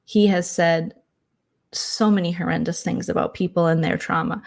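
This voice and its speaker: A woman's voice: fairly low pitch, steady tone, normal speed, creaky. A woman hosting a casual late-night chat vlog, telling stories with exasperated sarcasm and mocking voices. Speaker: vlogger host.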